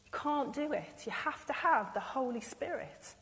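A woman's voice: sits high, lively intonation, normal speed. A woman preaching an earnest, emotional sermon and acting out the speech she imagines from others. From England. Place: church. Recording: long church reverb.

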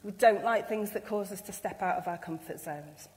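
A woman's voice: medium pitch, moderate pace. A woman preaching an earnest, emotional sermon and acting out the speech she imagines from others. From England. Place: church. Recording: long church reverb.

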